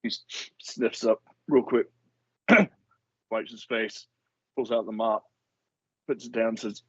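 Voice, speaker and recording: Male player, lower voice, descriptive theatrical narration; dull dry recording. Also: takes it slowly, long pauses, slightly rough, no room sound. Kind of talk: narrating his character in a tabletop game.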